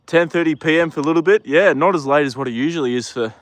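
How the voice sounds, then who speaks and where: A relaxed man with an Australian accent talks casually into his phone outdoors in a paddock. He chats with viewers and speaks to the horses in a gentle, easygoing voice. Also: fairly high pitch, quick pace. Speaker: livestreamer. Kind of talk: casual livestream chat.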